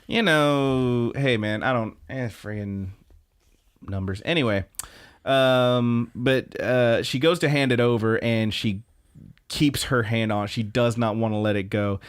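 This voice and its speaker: A man's voice: medium pitch, a little slow, clean tone, no echo, clean studio sound. A man casually recapping anime episodes as a podcast co-host, rambling with lots of fillers and swearing. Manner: rambling, profane, frequent fillers.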